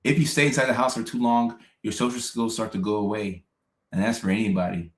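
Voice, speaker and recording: A man's voice: on the low side, fairly even intonation, a little fast. A young adult man hosting a casual livestream. He reads viewer comments, laughs often and repeats phrases. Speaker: host. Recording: roomy echo.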